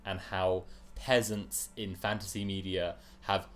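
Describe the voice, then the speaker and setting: A man's voice: deep voice, level tone, a little slow. A man casually chatting while streaming a game, rambling with fillers and laughs.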